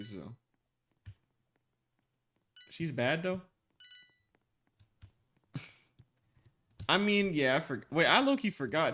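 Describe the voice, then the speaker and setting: A young man streaming live, chatting casually with his viewers in animated slang and laughing often. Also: medium pitch. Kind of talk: casual livestream chat with viewers.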